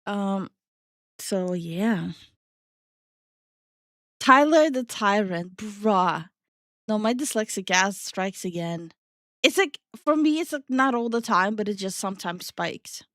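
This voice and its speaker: A woman's voice: medium pitch, expressive, takes it slowly, long pauses, a bit bright, no echo, clean studio sound. A young woman streaming live, chatting casually with her viewers and reading their messages aloud. She is playful, laughs often and swears offhandedly. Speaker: streamer and VTuber host.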